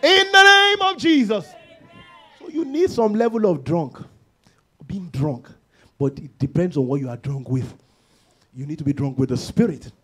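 A man preaching a church sermon, moving from calm teaching into shouted, sing-song declarations. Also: fairly high pitch, normal speed, slightly rough. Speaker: pastor. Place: church service.

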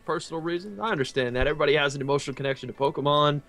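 A man's voice: a little high, very fast, a bit bright. A young man co-hosting a gaming livestream, teasing, laughing often and counting down trades. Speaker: stream co-host. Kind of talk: casual gaming stream chat.

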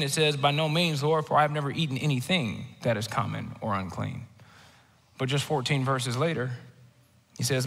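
A man preaching a sermon in a church, telling scripture stories in an animated way and acting out the voices. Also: mid-range voice, long reverb tail. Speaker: guest preacher. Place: church auditorium.

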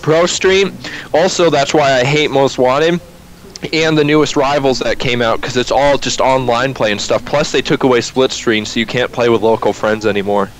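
A young gameplay commentator chats casually while playing a co-op shooter, joking and rambling with frequent restarts as game music plays beneath him. His voice is mid-range at a normal speed, and the audio is poor.

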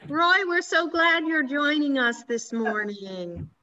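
A woman with a high, bright voice leads an online worship service and speaks slowly and gently. Her audio sounds dull and lo-fi over the video call. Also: animated. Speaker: worship leader hosting.

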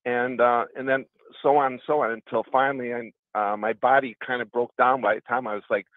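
Brisk and steady in tone, a mid-range-voiced Wisconsin man of middle age phones a radio show to share long, earnest, rambling tales from his past. No room sound is audible, and the phone line sounds tinny.

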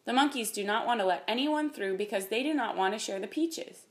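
A woman's voice: fairly high pitch, animated, brisk, lightly acted. A woman voicing a male dragon who is trapped, sniffling and plaintive.

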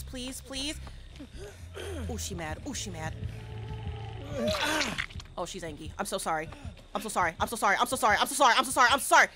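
A woman streamer giving casual commentary while she plays, talking to her teammates and repeating phrases in quick bursts. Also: medium pitch. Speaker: streamer playing a horror game. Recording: game music behind voice.

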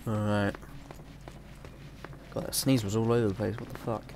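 Fairly low and fairly flat in pitch, a slightly sick young man speaks at a moderate pace over background noise. He's a gamer doing let's play commentary, rambling distractedly about his gameplay.

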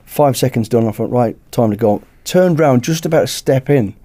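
A British man, a podcast guest, telling a lively anecdote in casual chat and acting out the dialogue. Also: mid-range voice, moderate pace. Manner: lively anecdote-teller who acts out dialogue. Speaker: podcast guest, former bodyguard.

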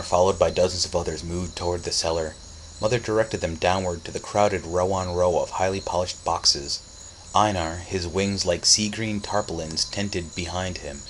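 A man with a deep, low voice reads a story aloud. His delivery is steady and dramatic. A faint hum of crickets sits behind him. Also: poor audio. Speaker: narrator. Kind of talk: audiobook reading.

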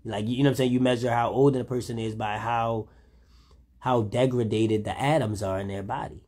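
A man's voice: medium pitch, fairly even intonation, normal speed, mellow. A man, rambling in a laid-back, casual monologue, often saying "you know what I'm saying". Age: 30s.

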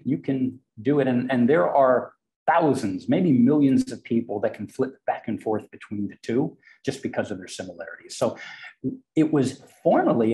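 A man who grew up speaking Portuguese at home, a podcast guest telling stories with animated delivery. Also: mid-range voice, poor audio. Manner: animated, acts out quoted voices. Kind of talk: storytelling in an interview.

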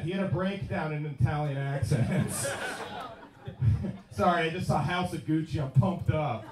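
A man's voice: a little high, normal speed. Hyper swearing man doing stand-up. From New York. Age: 30s. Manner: hyper, rowdy, swearing, self-mocking. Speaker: stand-up comedian. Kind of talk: stand-up comedy. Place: comedy club stage. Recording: echoey club, distant mic, crowd.

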